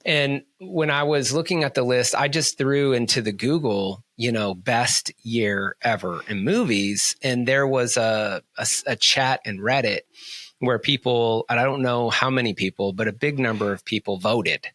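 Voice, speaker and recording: A man's voice: medium pitch, normal speed, fairly bright tone, no room sound. A man co-hosting a podcast in casual chat, rambling enthusiastically with many restarts. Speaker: podcast co-host.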